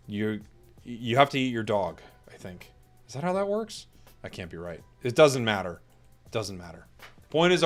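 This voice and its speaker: A man's voice: fairly low pitch, fairly bright tone. Man, esports caster on a break, fake-angry banter with chat, stumbles over his words; faint music behind. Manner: mock-outraged joking, riffing on chat messages; stammering restarts, quick laughs. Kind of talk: playful live-stream chat during a break.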